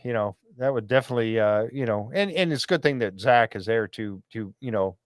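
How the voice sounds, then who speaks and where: A man's voice: lowish voice, expressive, brisk, dry recording. A man co-hosting a casual interview, reacting briefly and asking follow-up questions. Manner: encouraging listener, short reactions. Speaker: co-host.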